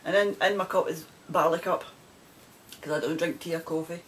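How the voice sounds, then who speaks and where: A middle-aged woman with a Scottish accent talks to camera in a loose, rambling way and laughs easily. She sounds like she is recording at home. A faint low rumble hums under her voice. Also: fairly even intonation, a little fast, poor audio. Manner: chatty, rambling, laughs often. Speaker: knitting podcaster. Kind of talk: casual chat to camera.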